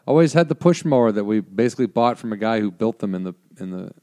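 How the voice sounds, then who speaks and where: A man's voice: on the low side, fast. A man co-hosting a podcast in casual chat, joking and acting out quoted voices. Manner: jokey, animated, acts out quoted voices. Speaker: podcast co-host.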